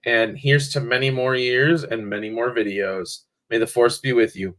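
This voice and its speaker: A man's voice: mid-range voice, steady tone, normal speed, a bit bright. A man co-hosting a podcast in casual chat, rambling easily with plenty of fillers. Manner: easygoing, rambling, many fillers. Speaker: podcast co-host.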